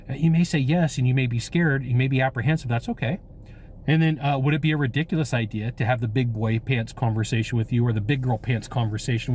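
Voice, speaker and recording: A man's voice: mid-range voice, darkish tone. An American man hosting a sales training show, talking in an upbeat, emphatic way while outdoors on a windy coast. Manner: upbeat, emphatic, playful repetition. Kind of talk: energetic outdoor sales talk.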